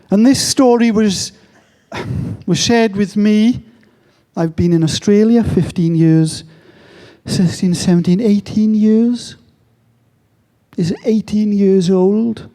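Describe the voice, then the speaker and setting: A man's voice: sits high, slow, mellow. An English man giving a conference talk, telling a story with self-mocking jokes, heard in a large hall. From England. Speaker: speaker. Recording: long hall reverb.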